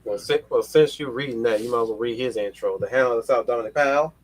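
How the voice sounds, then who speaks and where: A man's voice: medium pitch, quick pace, poor audio. A man hosting a casual panel chat, rambling with many restarts and casual swearing. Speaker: podcast host.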